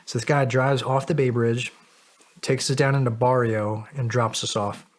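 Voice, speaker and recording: A man's voice: mid-range voice, moderate pace. A middle-aged man, a podcast guest, telling a long story in casual, profane, self-mocking style. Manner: animated, profane, laughs at himself.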